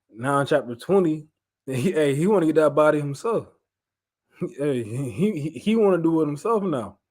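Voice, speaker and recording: A man, leading an informal Bible study, animated and repeating phrases for emphasis. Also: a little high. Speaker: Bible teacher.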